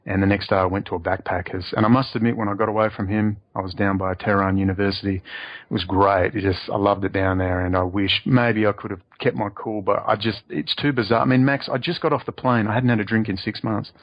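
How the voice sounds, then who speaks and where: A man's voice: lowish voice, brisk, dry recording. Ranting man, dull dry audio. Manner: excitable ranting, sudden loud emphatic rises. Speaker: interview guest. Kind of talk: heated conversational interview.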